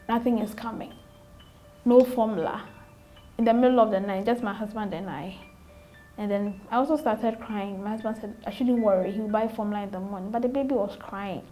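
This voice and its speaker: Ghanaian woman guest, young adult, higher pitch, earnest candid storyteller, faint music behind. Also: mellow. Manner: earnest, repeats phrases, acts out remembered dialogue. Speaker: interview guest, new mother.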